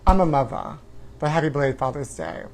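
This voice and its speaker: A man takes on the role of a self-absorbed tabloid talk-show hostess in a campy live-stream comedy act, dishing gossip. Speaking a little fast with vocal fry, his fairly high voice is very animated as he drawls "honey" at everyone and erupts into whooping shrieks.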